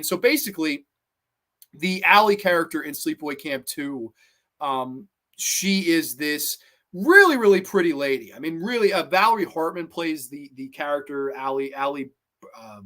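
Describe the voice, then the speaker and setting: A man hosting a horror movie review vlog, talking casually in an excitable, rambling and profane way. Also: fairly high pitch.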